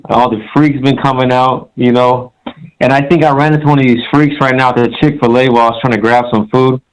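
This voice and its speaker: A man's voice: medium pitch, steady tone, brisk, poor audio. A man calling in to a show, telling a rambling story in a swaggering, crude way. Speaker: caller. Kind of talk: casual storytelling on a call-in show.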